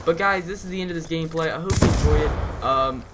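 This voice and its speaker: A man's voice: a little high, fast, very noisy. A teenage boy hosting a gaming channel, telling a school story in a casual, rambling way with lots of fillers and restarts. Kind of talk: casual storytelling over gameplay. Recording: loud game gunfire behind the voice. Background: loud video game gunfire and shooting.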